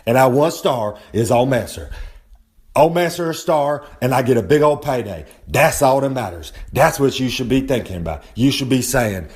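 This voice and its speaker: A man's voice: mid-range voice, expressive, normal speed, a little mellow. Brash rambling man cutting a promo. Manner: boastful, rambling, talks about himself in third person; gets heated and worked up, swears casually. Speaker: recurring segment presenter. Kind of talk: brash wrestling-style promo monologue. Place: outdoors on a humid day.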